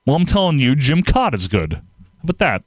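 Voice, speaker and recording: Animated, rambling man hosting a livestream. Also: medium pitch, a little fast, no echo. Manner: rambling, laughs often, animated outbursts. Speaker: livestream host. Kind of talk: casual livestream chat reading viewer comments.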